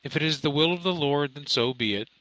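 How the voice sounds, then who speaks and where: A man voicing a worried, supportive mother who speaks softly and calmly in an audiobook. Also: fairly high pitch, fast, no echo, lightly acted. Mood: concerned. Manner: soft, calming, supportive. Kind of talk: audiobook character voice.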